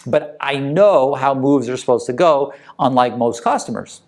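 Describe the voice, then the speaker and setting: A man's voice: medium pitch, moderate pace. A man coaching moving company owners in a casual motivational talk, talking conversationally and often checking in with the listener. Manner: conversational, tag questions.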